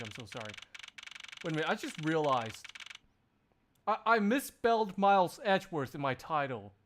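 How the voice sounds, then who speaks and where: A young man chatting on a live stream, animated and swearing. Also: high-pitched.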